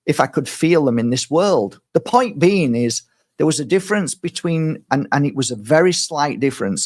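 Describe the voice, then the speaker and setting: A man's voice: fairly high pitch, lively intonation, normal speed. A middle-aged man, a spiritual healer and medium, talking casually to his viewers and often rambling, repeating words and restarting his sentences.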